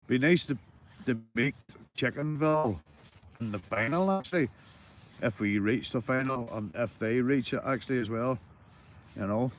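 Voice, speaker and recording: Northern Irish man, mid-pitched, casual streaming banter, swears freely, faint ambient noise. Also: moderate pace, pauses often. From Northern Ireland. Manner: easygoing banter, swears freely, says "mate" constantly. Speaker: livestreaming angler. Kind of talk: casual chat to livestream viewers.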